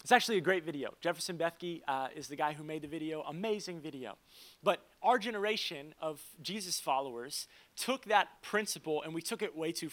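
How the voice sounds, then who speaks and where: A young man preaching a sermon as pastor, in a casual, conversational way with quick asides and stories told for laughs. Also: fairly high pitch, fairly bright tone.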